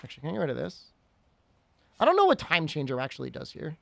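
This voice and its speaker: A man's voice: a little high, huge pitch swings, fast talker, gravelly, a bit bright, no echo. A man streaming a game, chatting casually and rambling, with frequent giggles and teasing. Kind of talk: casual gaming stream chat.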